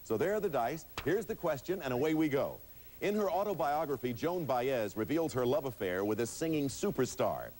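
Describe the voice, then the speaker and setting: A man with a Southern accent hosting a TV game show, upbeat and brisk in his patter. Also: medium pitch. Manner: lively, upbeat, excited on big rolls. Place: TV studio. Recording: 1980s TV broadcast with studio audience and music.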